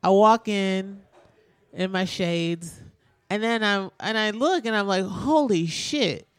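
A woman's voice: mid-range voice, takes it slowly, clean tone, dry recording. A woman hosting a radio show in a studio, chatting casually and candidly, swearing freely and leaning heavily on "like". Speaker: radio host.

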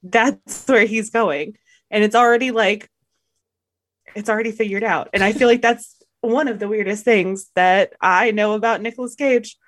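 A woman's voice: mid-range voice, fairly even intonation, normal speed, no room sound, studio quality. A woman co-hosting a casual podcast, telling stories in a rambling way and often correcting herself. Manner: rambling, self-correcting storyteller. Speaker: podcast co-host.

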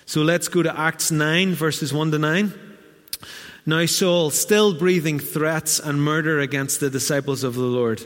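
A man from Northern Ireland with a Northern Irish accent preaching a sermon in a church, lively and humorous, with asides to the congregation. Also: fairly high pitch, unhurried. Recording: long church hall reverb.

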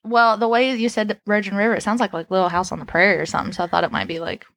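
A woman co-hosting a podcast, telling an animated story in casual chat and laughing between lines. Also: medium pitch, very fast, dry recording. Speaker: podcast co-host.

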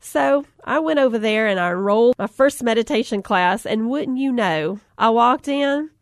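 A middle-aged woman, telling a funny personal story, chatty and animated, laughing often and acting out the voices she quotes. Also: fairly high pitch, moderate pace, dry recording, studio quality. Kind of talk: humorous storytelling talk.

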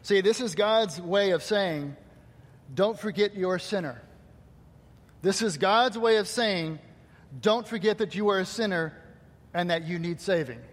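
A man's voice: high-pitched, unhurried, pauses often. A male pastor preaching a sermon to his congregation, asking rhetorical questions and quoting scripture. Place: church hall. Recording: long hall reverb.

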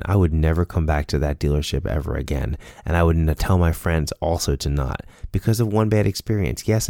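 Earnest male storyteller, deep and mellow, casual monologue, dry recording. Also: no room sound. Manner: earnest, storytelling with quoted dialogue. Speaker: speaker sharing a personal lesson.

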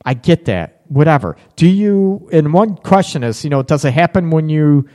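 A middle-aged man with a somewhat high, mellow, expressive voice hosts a live relationship advice call-in show at a normal pace. He chats casually and reads out comments from viewers.

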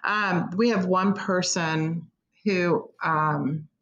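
The guest is a middle-aged woman with a Midwestern American accent who runs a concert pavilion as executive director; in this emotional interview she discusses her work candidly, earnestly, and sometimes tearfully. Her voice is on the low side, a bit bright, and very slow. The recording is muffled.

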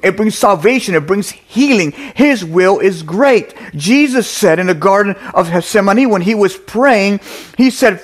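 A man's voice: sits high, lively intonation, measured pace. A middle-aged man preaching a sermon, earnest and repetitive, with restarts and fillers.

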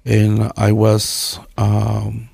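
A man in his sixties from Guatemala with a Guatemalan Spanish accent, a pastor telling his life story in halting, earnest English with many restarts. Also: on the low side, monotone, vocal fry, mellow, husky, no echo. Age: 60s.

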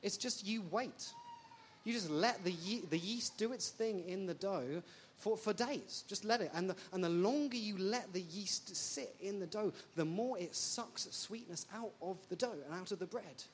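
A woman from England, preaching a sermon in an animated, jokey way full of rhetorical questions. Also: medium pitch, normal speed, slight background noise.

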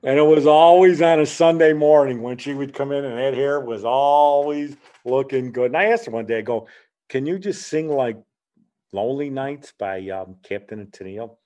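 A man's voice: medium pitch, normal speed, mellow. A man in his sixties hosting a podcast, telling long, rambling anecdotes in casual chat and retelling conversations with "he goes". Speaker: podcast host.

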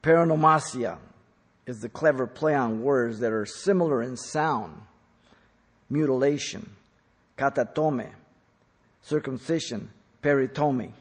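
A male preacher teaching from scripture, swinging between loud, emphatic stresses and low, quiet asides. His voice is slightly husky at a middle pitch. It carries a long hall reverb, as if recorded in a large church. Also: measured pace, long pauses.

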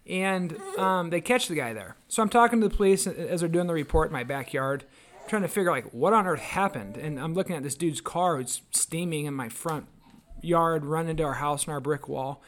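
A man's voice: fairly high pitch, moderate pace, a bit bright. A man co-hosting a devotional podcast, telling personal stories in an earnest, chatty way. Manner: earnest storytelling, acts out quoted voices. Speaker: podcast co-host. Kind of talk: casual devotional chat.

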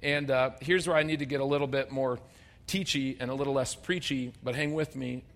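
A man preaching a sermon as pastor, conversational and humorous, swinging between loud emphatic bursts and quiet low asides. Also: fairly even intonation, fairly quick. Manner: conversational and humorous, acting out people's voices.

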